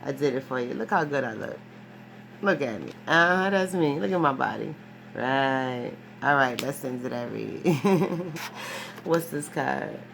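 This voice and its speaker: A woman with a deep, low voice talks through a tarot reading in a loose, conversational way. She is emphatic and profane, circles back on her own phrases, and keeps asking "right?" There is a faint background hiss. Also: unhurried, creaky. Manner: rambling and profane, ends phrases with a questioning "right?"; animated, emphatic storytelling with frequent restarts. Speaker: tarot reader. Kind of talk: casual spoken tarot reading.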